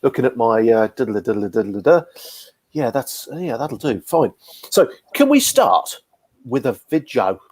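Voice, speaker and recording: A man's voice: mid-range voice, very animated, normal speed, darkish tone, no room sound. A man hosting a casual video call chat, telling a rambling anecdote with self-deprecating asides. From Guernsey. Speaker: podcast host.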